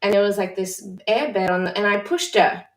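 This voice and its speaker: A mother leading a discussion session who talks in a candid, reflective, halting way with frequent restarts. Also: mid-range voice. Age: adult mother. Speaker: session facilitator. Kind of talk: personal sharing in a live-streamed discussion. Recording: roomy echo, voice far from the mic.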